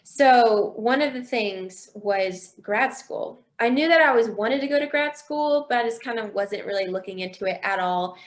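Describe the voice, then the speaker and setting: Woman, young adult, expressive storytelling, faith testimony, fairly high voice. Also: moderate pace, hardly any pauses. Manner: expressive storyteller, acts out quoted dialogue. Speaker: interview guest.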